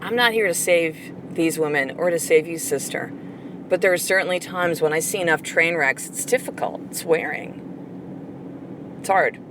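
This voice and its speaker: Middle-aged woman host, low-pitched, blunt and profane, coaching her listeners, faint noise behind. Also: normal speed. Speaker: podcast host. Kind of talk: motivational podcast monologue.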